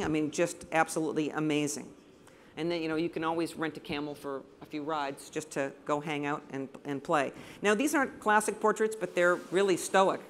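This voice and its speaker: A woman's voice: on the low side, slight background noise. A woman from the United States, a photographer giving an enthusiastic, anecdotal slide presentation to a live audience in a room.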